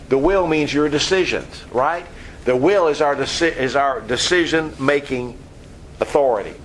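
Bible teacher, male, mid-pitched, animated storyteller, faint background hiss. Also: low-quality recording. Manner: explains verb tenses, acts out scenes with animated voices. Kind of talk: Bible study lesson.

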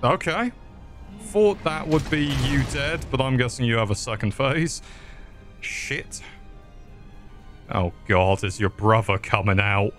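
British guy swearing and joking through a boss fight, drawn out slow talk, bit of music in the back. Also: mid-range voice, animated, fairly bright tone. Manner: crude, joking and sarcastic. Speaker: gaming channel host. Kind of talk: casual gameplay commentary.

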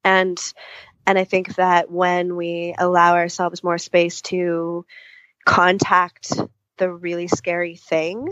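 Speaking slowly in a low, completely flat, somewhat bright voice, a woman couples therapist responds to interview questions at length. She's thoughtful and often acts out what clients might tell themselves, in a dry recording with the highs cut off.

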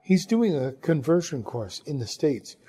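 A man's voice: on the high side, very animated, measured pace, mellow, breathy edge, heavily acted. A man reading the lines of a brash, blunt young woman who teases and talks frankly. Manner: blunt, teasing, a little tipsy.

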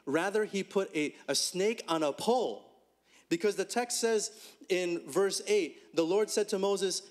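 Animated higher-voiced male preacher. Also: moderate pace. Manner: animated, rhetorical questions, swings between high and low pitch. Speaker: pastor. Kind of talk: conversational sermon.

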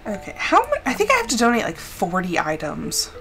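A woman's voice: medium pitch, wildly swooping pitch, fairly quick, fairly bright tone, faint music behind. A woman streamer chatting casually while playing a game, rambling with lots of filler words. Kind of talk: casual gameplay chat.

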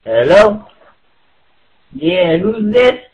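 A shrill, squeaky, puzzled caller put on by a man drags out every complaint. The voice sits far above a normal man's range, and he takes his time over each word. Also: sing-song, very slow, a little mellow, exaggerated voice.

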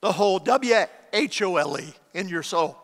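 A man's voice: sits high, lively intonation, moderate pace, fairly bright tone. A middle-aged man preaching a sermon as a guest speaker, telling stories with self-deprecating humor. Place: church auditorium. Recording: long church hall reverb.

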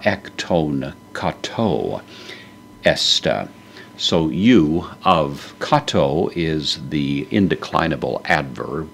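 A man with an extremely low, deep voice gives a verse-by-verse Bible lesson. He parses the Greek grammar methodically and pauses often with "uh". A faint hum sits under the recording. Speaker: Bible teacher.

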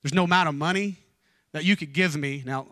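This evening sermon comes from a man in his forties who speaks fairly quickly with a bright, forceful tone, captured dry and at studio quality. He slips in jokes while recounting personal stories informally, and his voice drops low and fervent as he prays.

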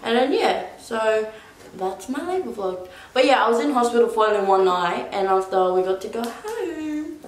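A woman's voice: on the high side, lively intonation, moderate pace, slight background noise. A young woman casually telling a personal story as a vlogger, rambling with lots of "like". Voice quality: rambling, full of "like". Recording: echoey room.

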